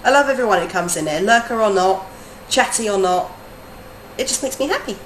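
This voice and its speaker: A woman who teaches adults chats casually through a game live stream, laughing often, her mid-range voice moving a little fast. She drifts between soft murmurs and lively bursts. The room is roomy and echoing with faint underlying noise.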